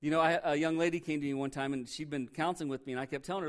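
Very fast and pitched on the high side, this male pastor delivers a conversational sermon on a Bible passage. He stays animated, joking around with sarcastic asides.

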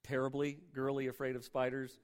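A male pastor preaching a sermon, reading scripture and telling funny stories in an animated, repetitive way. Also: medium pitch, fairly quick. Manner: animated, jokey, tells stories, repeats for emphasis.

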